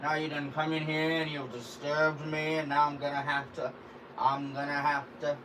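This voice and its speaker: A man's voice: fairly high pitch, little pitch movement, normal speed, distant mic, noisy background, voice pushed up, lightly acted. A man putting on the voice of a grumpy old man who scolds a boy in a drawling, folksy way. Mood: scolding.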